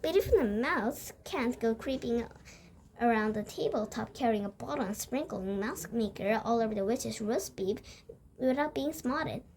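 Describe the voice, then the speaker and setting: A woman reading a storybook aloud and voicing a calm, determined old grandmother who speaks steadily and patiently. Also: a little high, normal speed, slight background noise. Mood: scheming.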